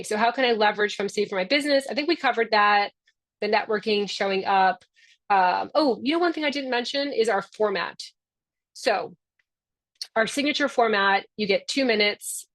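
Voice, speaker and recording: A woman's voice: medium pitch, a bit bright. A woman, the founder hosting a membership session, talking in a chatty, upbeat and encouraging way over a video call. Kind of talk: casual webinar talk.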